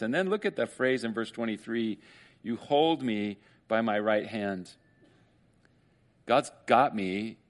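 A man preaches a sermon in a loose, conversational way, reading verses slowly and then riffing on them. He throws joking asides to the congregation and acts out inner voices in higher tones. His voice sits at a middling pitch. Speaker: pastor.

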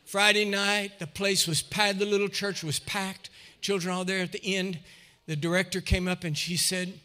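A man's voice: high-pitched, level tone, moderate pace, bright, forceful tone. A middle-aged man and pastor telling a funny story in a sermon, acting out the people he quotes with big jumps in his voice.

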